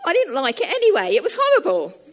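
A woman preacher voicing an offhand young man, blunt and dismissive. The delivery is casual and shrugging, with an animated pitch that bounces around. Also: normal speed.

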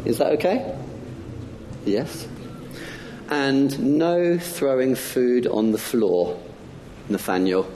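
A man's voice: mid-range voice, slow pace, long pauses, background noise. A man giving a playful talk to children during a church service, asking them many questions. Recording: echoey church hall.

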